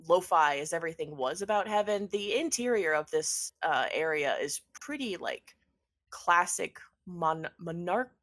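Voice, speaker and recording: A woman narrating a tabletop game as game master, casual and hesitant with many fillers. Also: low voice.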